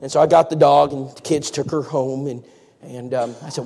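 A man's voice: mid-range voice, steady tone, normal speed, gravelly, dark tone. A man preaching a folksy, story-driven sermon. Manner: folksy storytelling, acts out quotes. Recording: reverberant church hall.

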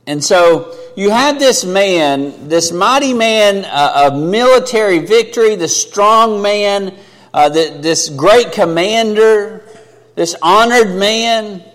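Guy preaching a sermon, kinda high voice, big church echo, swings up loud then drops way down quiet. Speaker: pastor.

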